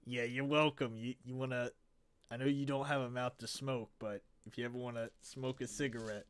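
A man's voice: medium pitch, little pitch movement, brisk, clear, resonant tone, lightly acted. A man voicing a brash male rat who runs the city with a switchblade, talking tough and swaggering in a tabletop game. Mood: friendly. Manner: swaggering, tough-guy talk.

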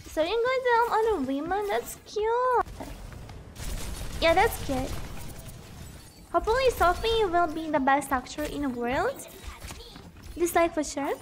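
Very high-pitched hoarse woman streamer. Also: animated, takes it slowly, pauses often, a little hiss or hum. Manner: giggly, playful, reads chat aloud between game reactions. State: hoarse from a cough. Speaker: game streamer. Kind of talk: live gameplay stream, chatting with viewers.

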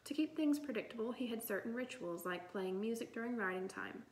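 Woman reading a kids' chapter book aloud, even storytelling, a bit of fry, echoey room. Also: fairly high pitch, brisk. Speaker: audiobook reader. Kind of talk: storybook narration. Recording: roomy echo.

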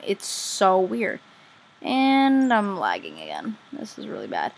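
A woman commenting casually on her own game play as a vlogger, chatty and easily excited, gushing over what she finds. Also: medium pitch, unhurried. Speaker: gaming vlogger.

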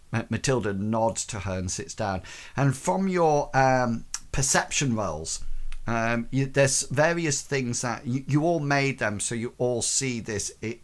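As game master of a tabletop game, a man with a medium-pitched voice narrates haltingly, full of ums and restarts.

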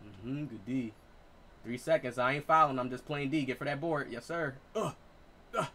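A man in his late twenties giving excitable, profane live gameplay commentary as a streamer, trash-talking. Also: mid-range voice, moderate pace, slight background noise. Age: 20s. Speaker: gaming streamer.

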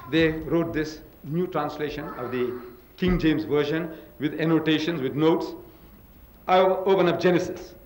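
A man's voice: on the high side, moderate pace, darkish tone, rough recording. An older man giving a public religious lecture, emphatic and full of rhetorical questions. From South Africa.

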